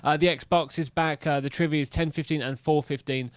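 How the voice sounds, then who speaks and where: A man's voice: on the high side, steady tone, brisk, no room sound, studio quality. Goofy cruise-ship co-host man. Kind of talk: casual chat show.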